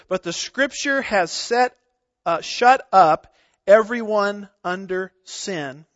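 A man's voice: sits high, a bit bright, no room sound. A middle-aged man preaching an expository sermon, emphatic, asking rhetorical questions and stressing single words. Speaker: pastor. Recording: dull lo-fi sound.

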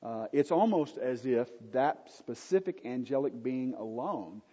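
A man with a mellow, slightly husky voice gives an unhurried Bible lecture, stressing key words and dropping in casual asides. The recording is dull and lo-fi, with a long reverb trailing off the walls of a large hall. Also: medium pitch, expressive. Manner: unhurried, emphatic, with conversational asides. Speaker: Bible teacher.

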